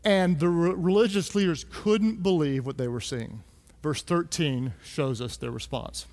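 A man's voice: a little high, measured pace, a little mellow. A man preaching a sermon, joking and asking the congregation to answer aloud. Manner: conversational and joking, calls the crowd to answer aloud. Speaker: pastor. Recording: echoey hall.

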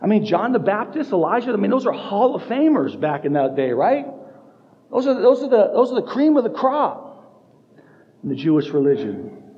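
A man's voice: high-pitched, big pitch swings, moderate pace. Emphatic preacher man in a reverberant hall. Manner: emphatic, repeats key phrases, restarts. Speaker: pastor. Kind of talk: sermon. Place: church sanctuary. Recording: dull sound with long hall reverb.

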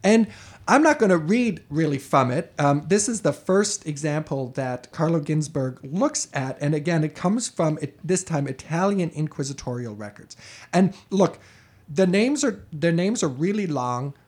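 A man co-hosting a podcast, telling a history story in a chatty, animated way with frequent restarts. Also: fairly high pitch, moderate pace. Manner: animated, chatty, self-correcting. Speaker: podcast co-host. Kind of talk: casual conversational storytelling.

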